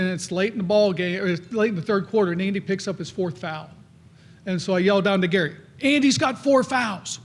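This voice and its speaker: A middle-aged man tells old coaching stories at an awards night. His voice sits fairly high, and he slips into the voices of the coaches and kids he quotes. His delivery is folksy and anecdotal. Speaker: hall of fame inductee giving a speech. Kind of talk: anecdotal acceptance speech.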